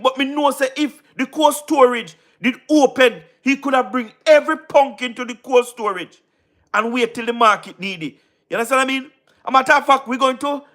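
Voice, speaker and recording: Jamaican guy on a livestream, real high voice, keeps repeating himself and asking if you get him. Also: pushed and bright. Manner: repetitive, emphatic, keeps asking "you understand what I mean?". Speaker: livestream host. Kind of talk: casual livestream talk.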